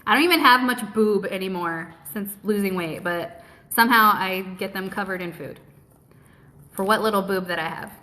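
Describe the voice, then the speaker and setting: A woman's voice: mid-range voice, normal speed, bright, forceful tone. A woman hosting a live stream from home, chatting casually and cursing freely while she eats and answers viewer questions. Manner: blunt, cheerful and heavily profane; talks with her mouth full while eating. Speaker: host of a live keto Q&A stream.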